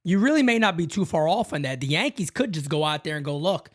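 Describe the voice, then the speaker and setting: A man hosting a casual fan show and answering callers in an animated, slangy way that repeats itself. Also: fairly high pitch, fast talker. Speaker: host taking fan calls.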